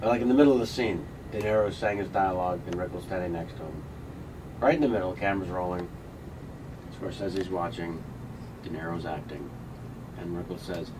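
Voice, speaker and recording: A middle-aged man being interviewed on a radio show, dry and quick-witted, with pauses and fillers. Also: low-pitched, distant mic, noisy background. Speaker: guest.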